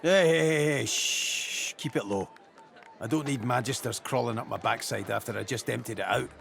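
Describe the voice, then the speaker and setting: A nervous dwarf smuggler who hushes others in a video game. His voice is gravelly, mid-pitched and urgent. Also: fast.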